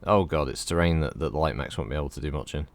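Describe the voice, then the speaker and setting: A low-pitched man chats his way through a game stream, meandering from thought to thought and swearing freely. His voice sits close and dry on the mic, with no room around it. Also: fast, vocal fry, dry recording. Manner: rambling, chatty, swears freely. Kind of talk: casual gameplay commentary.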